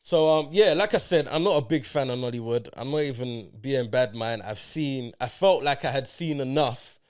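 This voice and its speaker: A man's voice: medium pitch, normal speed, clean tone. A man with an English accent hosting a casual film review podcast, talking in a laid-back, slang-heavy way. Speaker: podcast host.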